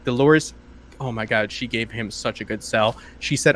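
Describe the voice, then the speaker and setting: A man from Michigan co-hosting a casual TV review chat, animated, with swearing and mocking acted-out quotes. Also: mid-range voice, moderate pace. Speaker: podcast co-host.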